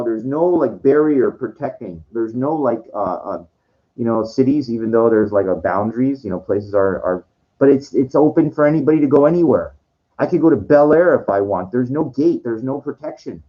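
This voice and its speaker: A man's voice: medium pitch, lively intonation, moderate pace, highs cut off. A man talking in a rambling monologue, full of restarts and swearing, sometimes acting out what others said. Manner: quoting others in acted voices. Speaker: streamer.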